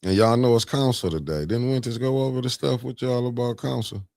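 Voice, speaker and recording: A man's voice: mid-range voice, fairly quick, gravelly, darkish tone, dry recording. A man hosting a casual live stream, greeting viewers by name and calling them family and beloved while he sets up sharing.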